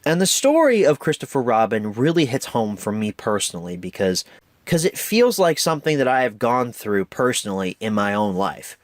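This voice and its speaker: A man's voice: medium pitch, moderate pace, no echo. A man giving a casual, enthusiastic film review with a few stumbles. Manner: enthusiastic, lively, occasional stumbles. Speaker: movie reviewer.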